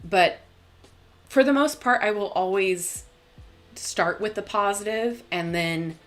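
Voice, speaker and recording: A young woman hosting a tarot live stream, talking casually and bubbly, laughing often and filling pauses with "um". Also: on the low side, a bit bright. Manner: chatty, bubbly, laughs often, many fillers. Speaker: tarot channel host.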